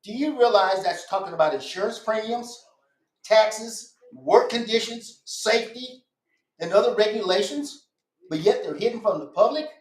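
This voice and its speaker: Emphatic high-voiced man, echoey room. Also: expressive, normal speed. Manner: emphatic, insistent, repeats himself. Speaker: guest. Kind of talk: casual podcast conversation.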